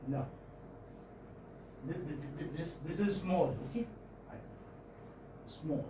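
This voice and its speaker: A man's voice: a little high, takes it slowly. A middle-aged man with an Indian English accent giving a phonetics lecture in a classroom, repeating words and checking in with students. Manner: repetitive, coaxing, checks with students often. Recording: echoey room, distant mic, faint noise.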